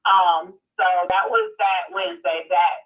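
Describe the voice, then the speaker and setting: A woman's voice: lowish voice, steady tone, a little slow, fairly bright tone. A woman from Mississippi, a podcast guest telling her story earnestly with many ums. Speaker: podcast guest and survivor advocate. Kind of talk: live podcast interview. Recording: distant, muffled call-in audio.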